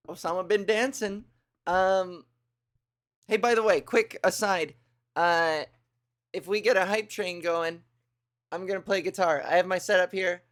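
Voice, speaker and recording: A woman hosting a comedy livestream, chatting casually with viewers in a rambling, crude, playful way. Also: mid-range voice. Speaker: comedy streamer host.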